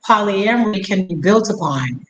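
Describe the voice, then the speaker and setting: A woman's voice: mid-range voice, expressive, moderate pace, lo-fi sound, slight background noise. A woman in her fifties hosting a casual conversation, telling stories animatedly and acting out the dialogue. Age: 50s. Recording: echoey room.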